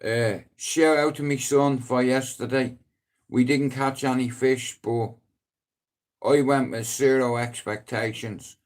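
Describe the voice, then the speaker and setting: A middle-aged man with a Dublin accent rambling on a casual live stream, swearing freely and breaking into loud emphatic outbursts. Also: medium pitch, steady tone, takes it slowly. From Ireland.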